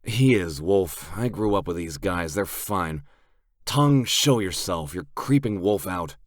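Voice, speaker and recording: A man's voice: deep voice, animated, a little slow, dry recording, studio quality. A man reading an audiobook, voicing a commanding adult male biker with a firm manner. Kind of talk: audiobook character voice.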